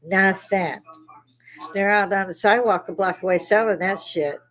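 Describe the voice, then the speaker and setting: A woman's voice: mid-range voice, moderate pace, fairly bright tone, low-quality recording. Older lady venting to her viewers, fired up, cussing, no filter. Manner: angry ranting, blunt and profane. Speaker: host. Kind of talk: casual monologue to camera.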